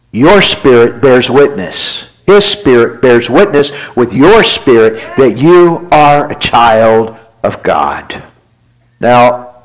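A man's voice: sits high, low-quality recording. A man preaching a sermon as pastor, telling a personal story in a confessional, self-deprecating way and acting out his conversations with God. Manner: storytelling, acts out dialogue with God.

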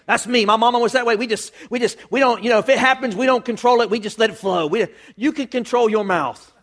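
Preacher guy, real high voice, folksy, acts out bits as he goes. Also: fast, few pauses, fairly bright tone. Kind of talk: sermon.

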